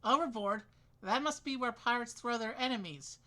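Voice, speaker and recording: A woman's voice: on the high side, normal speed, pushed and bright. A woman reading the lines of a curious young female detective in a video game, plainly read.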